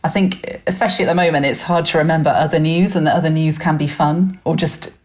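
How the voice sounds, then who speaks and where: A woman's voice: deep voice, steady tone, fast talker, darkish tone. A woman, a radio news presenter chatting as a guest on a podcast and laughing often. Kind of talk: casual podcast chat.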